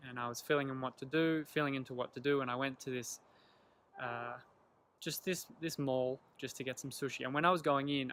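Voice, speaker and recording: A young man telling a personal story to camera in an earnest, animated way, acting out the lines of the people in it. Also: medium pitch. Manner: earnest, animated retelling with quoted dialogue. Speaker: vlogger.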